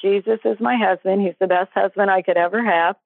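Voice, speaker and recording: A woman tells a personal faith story in a relaxed, animated way, slipping into the voices of the people in it. Her voice arrives over a thin, phone-like line with no room sound at all. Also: mid-range voice, a little fast, creaky, dry recording. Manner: animated, acts out quoted voices. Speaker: guest storyteller. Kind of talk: casual testimony storytelling. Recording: tinny phone line, dry.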